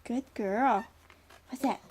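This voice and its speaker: A woman's voice: fairly high pitch, slow, darkish tone, a little hiss or hum. A woman speaking to a small child as a parent, coaxing and praising in a sing-song way while going through a picture book.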